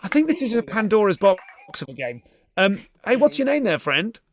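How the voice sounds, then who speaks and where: A middle-aged British man hosting a live comedy stream. He chats in a fairly high voice that swoops up and down, breaking into giggles and casual swearing. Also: big pitch swings, fairly quick. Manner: chatty, giggly, swearing, greets viewers. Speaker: podcast host.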